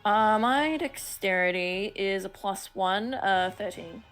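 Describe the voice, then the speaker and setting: A woman's voice: mid-range voice, slow pace, fairly bright tone, faint music behind. A young woman playing a tabletop game, casual and hesitant with lots of ums. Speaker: player.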